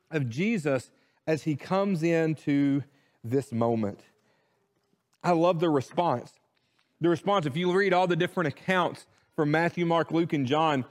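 A man preaching a sermon, animated, repeating words as he restarts his thoughts. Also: on the high side. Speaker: pastor.

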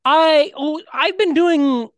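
A man co-hosting a podcast in casual chat, talking in an animated way with lots of "like". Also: very high voice, takes it slowly, no room sound. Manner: animated, chatty, heavy use of "like". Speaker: podcast co-host.

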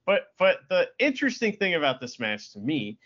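Relaxed, chatty male co-host, slightly higher voice; muffled recording. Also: fairly quick. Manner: relaxed, chatty, swears freely. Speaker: podcast co-host. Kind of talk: casual wrestling recap chat.

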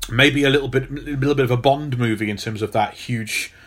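A man's voice: mid-range voice, a little fast, fairly bright tone. A man co-hosting a podcast, teasing his co-host in casual banter.

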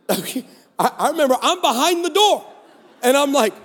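Pastor guy preaching on stage, high voice, big echoey hall, gets loud telling stories. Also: unhurried, pauses often. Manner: storytelling, animated, rising to shouts. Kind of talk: sermon. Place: conference stage in a large hall.

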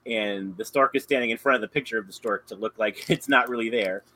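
A man's voice: lowish voice, fast talker, pushed and bright, rough recording. Rambling man recapping a show. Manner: rambling, lots of fillers, self-correcting. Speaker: podcast co-host. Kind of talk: casual chat recapping an episode.

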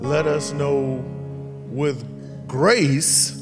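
A man's voice: fairly high pitch, steady tone, very slow, in a large hall, music in the background. A man answering as a panel guest, simple and earnest.

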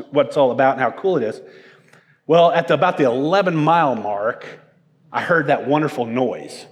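A middle-aged male pastor preaching, telling a self-mocking personal story in an animated way. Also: mid-range voice. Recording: long hall reverb.

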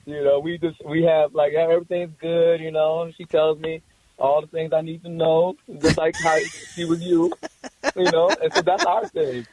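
A man who works as a barber, talking casually and haltingly, with many restarts and short laughs. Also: a little high, expressive, crowd noise, rough recording. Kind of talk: casual conversation.

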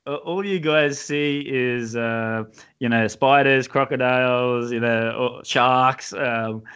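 A man's voice: medium pitch, steady tone, takes it slowly, fairly bright tone, clear, resonant tone. Chatty Australian man with a lo-fi sound. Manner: chatty, laughs often, many fillers and restarts. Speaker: podcast host. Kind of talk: casual interview chat.

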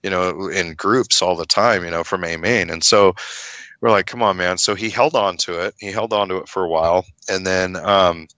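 A middle-aged man telling a long story in casual chat, animated, acting out the people he quotes and swearing freely. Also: sits low, normal speed, no room sound, highs cut off. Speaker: guest telling his story.

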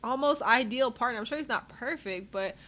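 A woman's voice: fairly high pitch, fairly quick, fairly bright tone. A woman co-hosting a casual chat, giving gossipy, opinionated takes and laughing often. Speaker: podcast co-host. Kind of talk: casual chat about a reality show.

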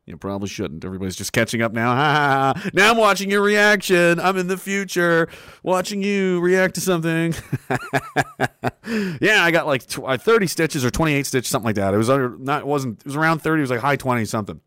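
A man's voice: a little high, animated, fairly quick, bright, forceful tone, clear, resonant tone, no echo, clean studio sound. A young man streaming, rambling through a casual story with profanity, frequent laughter and acted-out quotes.

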